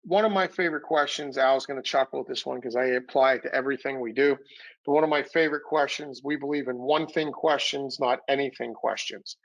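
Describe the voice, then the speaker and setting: A man leads a sales training webinar by video call, energetically coaching and acting out quoted dialogue while a little winded from a recent illness. He speaks fairly quickly at medium pitch with a fairly bright tone, captured on a rough recording.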